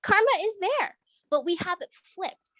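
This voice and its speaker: A woman's voice: very high voice, animated, normal speed, a bit bright, no echo, low-quality recording. A woman earnestly asking a long question in an online group discussion, thinking aloud with restarts as she searches for words. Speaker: audience member asking a question.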